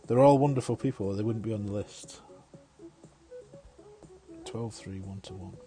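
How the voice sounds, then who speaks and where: A man's voice: lowish voice, normal speed, music in the background. A man giving casual live-stream commentary on a game, chatty, thinking aloud and chuckling often.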